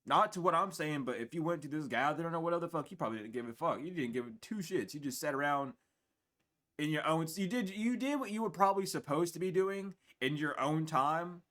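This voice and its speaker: Speaking fairly quickly with a voice on the high side, a tarot reader in his twenties delivers a casual spiritual reading into a camera mic. He's tired, has the hiccups, swears bluntly, and animatedly mimics the voices of others.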